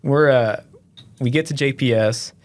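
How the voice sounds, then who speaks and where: A man's voice: mid-range voice, a little slow. A police officer in his thirties, a podcast guest, telling stories in a laid-back, self-deprecating way with lots of fillers. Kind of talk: casual storytelling.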